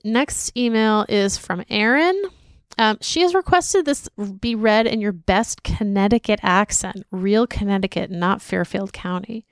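A woman's voice: medium pitch, a little slow, clear, resonant tone, no room sound, clean studio sound. A woman co-hosting a casual podcast, reading listener emails aloud with chatty asides. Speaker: podcast co-host.

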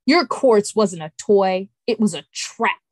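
A woman's voice: high voice, lively intonation, slow, no echo, pitched above the performer's own voice, full character voice. A woman voicing a young male volcano creature who talks in a growling, blunt way. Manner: growling, then curious and blunt.

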